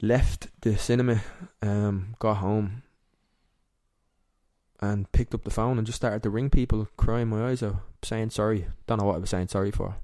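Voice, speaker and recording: Speaking as a podcast guest, this young Irishman shares personal stories in interview form, open and emotional, often breaking off partway through a thought. He keeps a steady tone in a low, mellow register, captured in a dry, close recording with no surrounding room.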